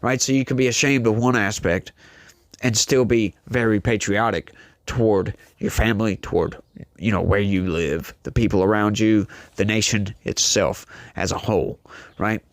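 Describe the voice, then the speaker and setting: A man's voice: lowish voice, normal speed, no echo. A man hosting a political commentary show, delivering an opinionated monologue straight to his audience in an emphatic, preachy way.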